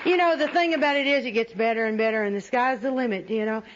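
A woman's voice: on the high side, fast talker, a loud crowd, heavy background noise. A woman speaking at a recovery meeting, telling personal stories with humor and often laughing at herself. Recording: dull lo-fi recording with faint audience.

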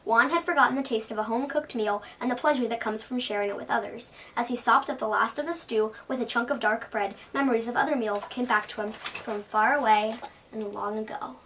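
A woman reading a children's story aloud, expressive and unhurried. Her voice sits a little high. It is heard from some way off the mic. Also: a little hiss or hum. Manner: expressive read-aloud delivery. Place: bookstore reading. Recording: voice from a distance.

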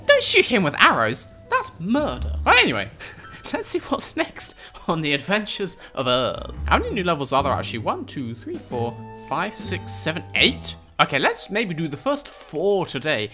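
A man's voice: fairly high pitch, wildly swooping pitch, normal speed, bright, forceful tone, soft background music. A man doing joking, rambling let's play commentary, swearing freely as he plays. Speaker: gameplay commentator.

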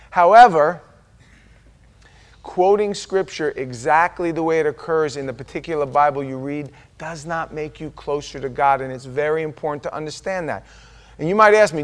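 American pastor guy preaching, high voice, gets loud then drops real soft. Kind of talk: sermon.

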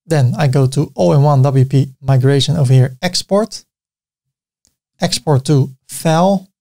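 A man with a Dutch accent, a native Dutch speaker, hosting a screen-recorded software tutorial, narrating each click step by step with casual asides. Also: medium pitch, a little slow, vocal fry. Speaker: tutorial host.

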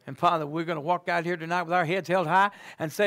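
A man preaching a sermon and praying in a church, swinging between hushed words and loud fervent exclamations. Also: on the high side, steady tone, fast. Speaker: guest preacher. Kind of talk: sermon and closing prayer. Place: church sanctuary.

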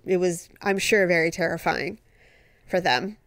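A woman in her forties co-hosting a podcast, telling family stories in a lively way and putting on her parents' voices with frequent laughs. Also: unhurried, no echo. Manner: animated storyteller, mimics parents in high voices, laughs often. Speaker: podcast co-host. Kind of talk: casual chat.

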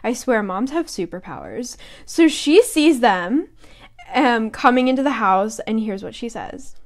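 Bubbly young woman, slightly high voice. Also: very animated, measured pace. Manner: bubbly, giggly, acts out quotes in voices. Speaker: podcast co-host. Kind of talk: casual book discussion with read-aloud quotes.

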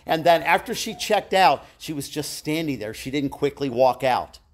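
A man's voice: a little high, lively intonation, moderate pace. A middle-aged man teaching a live church Bible class, telling personal stories in a chatty, self-deprecating way with asides to his listeners.

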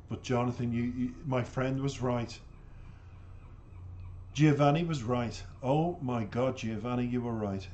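A man with a middle-pitched, everyday voice talks straight to his viewers, reacting to a music clip. He is openly emotional and exclamatory, repeating words as he searches for what to say. A faint hum sits behind him. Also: a little mellow. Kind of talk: casual reaction commentary.

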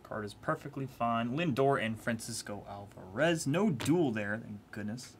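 A man's voice: mid-range voice, lively intonation, normal speed, a little hiss or hum. A man hosting a live trading-card break, chatting casually and teasing his viewers in a playful way. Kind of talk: casual live-stream commentary.

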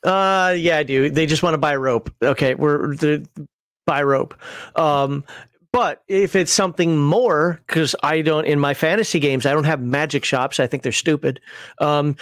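Male host, fairly high voice with a dry sound, chatty and rambling, filling gaps with "uh". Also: unhurried, a bit bright, dry recording. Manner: rambling, with filler "uh" and "you know". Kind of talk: casual chat.

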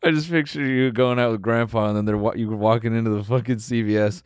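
A man's voice: medium pitch, fairly even intonation, fast, smooth, no room sound, clean studio sound. A man co-hosting a podcast in casual comedic chat, laid-back, swearing often and laughing a lot. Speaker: podcast co-host.

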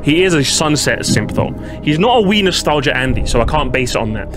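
A man giving excited reaction commentary, making predictions and pleading with the screen. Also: a little high, brisk. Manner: animated, predicting and pleading, bursts of laughter. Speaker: reaction streamer. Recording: music playing under the voice.

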